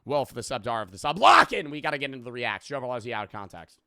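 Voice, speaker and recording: A man's voice: mid-range voice, rapid-fire, a bit bright, clear, resonant tone, dry recording, clean studio sound. A young adult man chatting casually on a live stream, rambling and joking, swearing freely and thanking viewers for subs.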